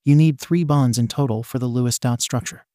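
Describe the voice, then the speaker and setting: Quiet, even teen boy in an audiobook story , read by a man, mellow and dry. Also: mid-range voice, brisk, dry recording, close to an everyday voice. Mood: calm. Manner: quiet, soft-spoken, even. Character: quiet calm teenage boy tutor.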